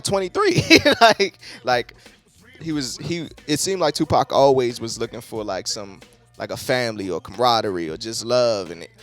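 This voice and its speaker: Loose, cursing man reviewing an album. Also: medium pitch. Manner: loose, profane, heavy on "like". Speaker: music reviewer.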